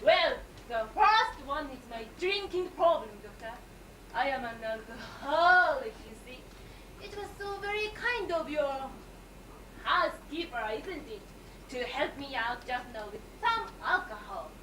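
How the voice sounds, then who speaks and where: A woman's voice: high-pitched, expressive, measured pace, bright, forceful tone, heavily acted. A woman playing gushing boozy Miss Junk Shop. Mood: self-pitying. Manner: gushing, dramatic, sing-song. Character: boozy female alcoholic patient, theatrical and self-pitying. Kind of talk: amateur stage comedy. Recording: echoey hall, distant mic, hiss.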